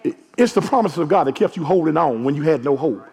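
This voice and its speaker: Man, pastor, hoarse, fairly high voice, husky, sermon, long church reverb. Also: lively intonation, fast talker. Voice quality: gravelly, husky. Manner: preaching with calls to the congregation, building to shouts. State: hoarse from allergies. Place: large church sanctuary. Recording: long echo of a large church hall.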